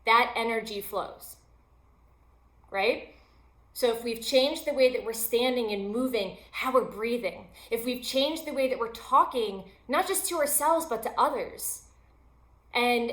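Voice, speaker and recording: A woman with a fairly high voice gives an upbeat, chatty motivational talk, teasing herself as she goes. She talks like a yoga teacher coaching her listeners. Her voice bounces around an echoey room. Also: fairly bright tone. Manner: upbeat, chatty, self-deprecating humor. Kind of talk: motivational self-help talk.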